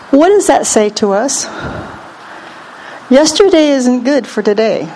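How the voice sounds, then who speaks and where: A woman teaches scripture to a small church group in a fairly high voice. She speaks earnestly and repeats key phrases. Faint room noise sits behind her. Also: big pitch swings, measured pace, warm tone, low-quality recording. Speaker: preacher.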